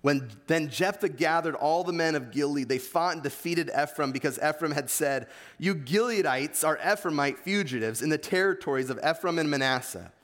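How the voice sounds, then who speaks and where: A pastor with an East Coast American accent preaches, reading scripture and earnestly pressing his points, in a man's voice that's on the high side and a bit bright. He keeps a moderate pace, and a long hall reverb fills the recording.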